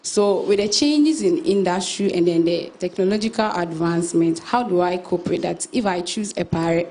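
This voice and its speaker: Young woman in the audience, low, mellow, careful. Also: moderate pace. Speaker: audience member asking a question.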